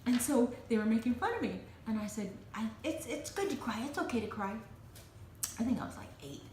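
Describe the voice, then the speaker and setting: A woman's voice: a little high, a little fast, far from the mic. Chatty woman in an echoey, noisy room. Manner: chatty, laughing, animated storyteller. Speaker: co-host. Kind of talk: casual chat.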